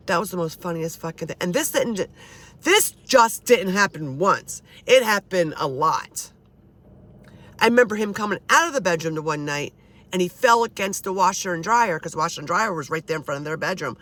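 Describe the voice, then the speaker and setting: Bright-voiced woman telling stories. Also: on the low side, expressive, fairly quick. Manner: blunt, swears freely, chatty. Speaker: storyteller. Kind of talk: casual storytelling.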